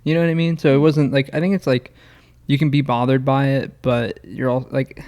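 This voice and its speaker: A man's voice: mid-range voice, level tone, fairly quick, a little mellow. A man co-hosting a podcast in casual chat, rambling with many fillers and restarts. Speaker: podcast co-host.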